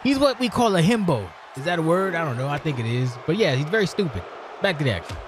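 A man's voice: a little high, very animated, fast talker, background noise. A man doing color commentary on wrestling, rambling with sarcastic, mocking jokes. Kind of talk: joking wrestling game commentary.

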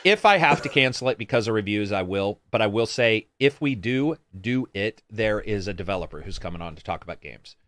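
A man's voice: on the low side, animated, fairly quick, few pauses, a bit bright, no room sound. A man co-hosting a casual gaming chat show, reading viewer comments aloud and answering in a rambling, sarcastic way with plenty of swearing.

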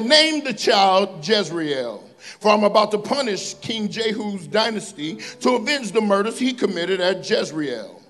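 A man with a high, light voice preaches in church, reading scripture slowly and with emphasis between playful asides to the congregation. Faint music plays softly behind him. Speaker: pastor. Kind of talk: sermon. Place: church sanctuary.

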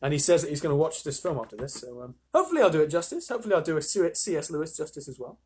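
Lively man, husky edge, reading a kids' story with chatty asides. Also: a little high, very fast. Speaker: storyteller, live reader. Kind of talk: reading a children's story aloud.

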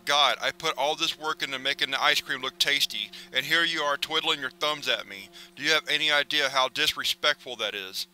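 A man's voice: fairly high pitch, a little fast, few pauses, sharp tone, smooth, low-quality recording. A man voicing a paranoid, threatening male cartoon pelican who bullies and demands approval. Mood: demanding.

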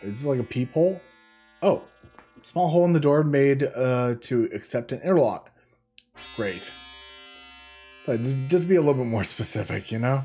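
A man's voice: mid-range voice, lively intonation, moderate pace, long pauses, dark tone, faint music behind. A man casually commenting as he plays through a game, thinking aloud and reading the on-screen text with stumbles and restarts. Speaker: gaming video host. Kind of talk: casual let's-play commentary.

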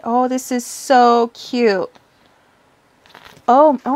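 A woman's voice: fairly high pitch, steady tone, slow pace, long pauses, a little mellow. A young woman with a gushing, giddy manner, unboxing and showing items as a tarot reader. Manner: giddy, gushing, swears and giggles often. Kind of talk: excited casual unboxing vlog.

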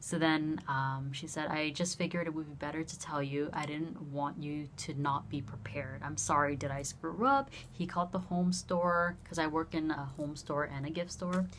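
A young woman vlogger casually telling a story, animated and swearing freely as she acts out both sides of a conversation. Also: low-pitched, moderate pace, few pauses, slight background noise.

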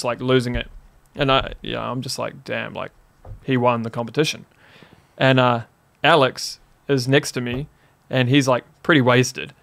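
A man from New Zealand with a New Zealand accent, a podcast guest telling a story in a casual, animated way, laughing often and saying "like" a lot. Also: medium pitch.

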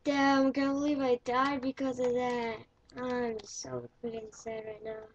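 A woman giving casual gameplay commentary, excitable and playful, often yelling when in danger. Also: fairly high pitch, measured pace. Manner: playful, swaps swearing for mild words. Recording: dull lo-fi recording with faint noise.

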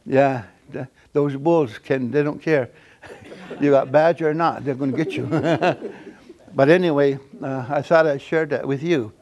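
An older man delivering a storytelling lecture with a voice sitting a little above the usual male range. He speaks haltingly, circling back with fillers and small chuckles as he goes. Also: on the high side, darkish tone, muffled recording. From Akwesasne Mohawk community. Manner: chuckles while telling stories. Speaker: elder giving a lecture.

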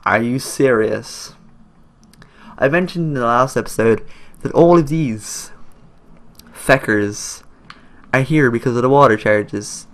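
A man's voice: medium pitch, a little slow, long pauses, fairly bright tone. Irish accent, young man, rambling let's play chatter, coarse slang, jokey. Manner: rambling, jokey, talks back at the game characters. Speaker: gaming YouTuber.

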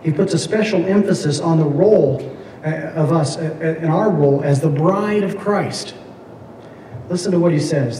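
A man lectures a Bible class in a slightly high, mellow voice, pausing often with fillers and restarts. He is picked up from a distance in a very echoey classroom, with a faint hiss behind him. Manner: halting, frequent fillers and restarts. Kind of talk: classroom lecture with scripture readings. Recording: echoey room, mic at a distance.

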